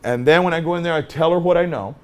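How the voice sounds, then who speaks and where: A middle-aged man teaching a class as a lawyer, telling stories and acting out both sides of the conversations in an animated way. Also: fairly high pitch, fast talker. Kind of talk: lecture with acted-out anecdotes.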